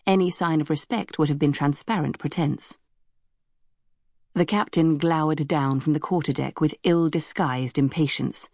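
A woman reading a novel aloud in measured scripted narration. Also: a little mellow, no echo, clean studio sound. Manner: measured storytelling, voices dialogue with raised pitch. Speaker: audiobook narrator.

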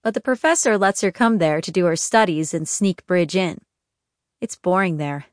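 A woman narrating an audiobook in a gentle, even storytelling manner. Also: fairly low pitch, moderate pace, no echo, clean studio sound. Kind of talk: scripted narration.

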